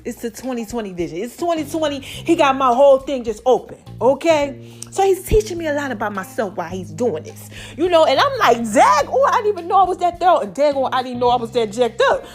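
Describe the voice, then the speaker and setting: A middle-aged woman hosting her own podcast, talking to listeners in an animated, chatty way. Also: fairly high pitch, brisk, faint music behind. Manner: animated, chatty, calls listeners y'all and baby. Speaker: podcast host. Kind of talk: casual podcast monologue.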